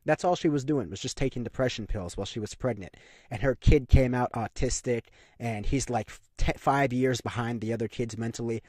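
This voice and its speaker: A man's voice: medium pitch, brisk, a little mellow, no room sound, studio quality. A young man delivering an opinionated monologue to camera, ranting emphatically and repeating his points with frequent fillers. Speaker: commentary channel host.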